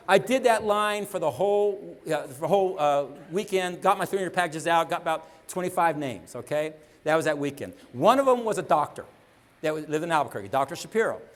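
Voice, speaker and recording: Fast, high-voiced man telling a seminar story. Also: lively intonation. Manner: storytelling, acts out dialogue, checks in with "okay?". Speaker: motivational speaker. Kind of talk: motivational seminar talk.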